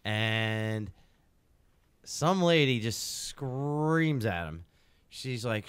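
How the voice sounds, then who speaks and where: A man in his thirties co-hosts a podcast and tells a story full of swearing. His voice is smooth and clear and sits at a middling pitch. The sound is dry and close on a studio mic. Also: drawn-out words, dry recording. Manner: animated, profane, swings between loud outbursts and low asides. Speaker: podcast co-host. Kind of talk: casual storytelling chat.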